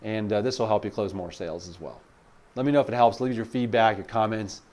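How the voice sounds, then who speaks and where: A man's voice: lowish voice, fairly even intonation, a little fast, a little mellow. A man teaching sales in a casual monologue, acting out client dialogues and talking with frequent fillers. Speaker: sales coach.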